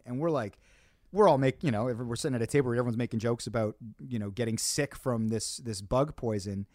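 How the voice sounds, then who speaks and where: A man's voice: medium pitch, fast talker, a little mellow, dry recording, studio quality. A man co-hosting a podcast in casual chat, asking questions and telling stories. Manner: curious, asks questions. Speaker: podcast co-host.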